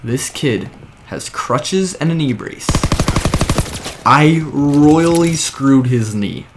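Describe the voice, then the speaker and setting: A man's voice: a little high, drawn-out words. A young man telling a story in a casual, rambling way, filling it with "like" and "whatever.". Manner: rambling, drops "like" and "whatever" everywhere. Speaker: vlogger. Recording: steady background noise.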